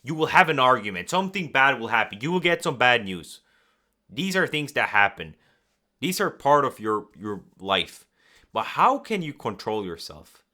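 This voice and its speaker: Animated man giving coaching advice. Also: medium pitch, moderate pace. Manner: animated, acts out nervous and calm examples. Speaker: communication coach. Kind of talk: direct-to-camera coaching talk.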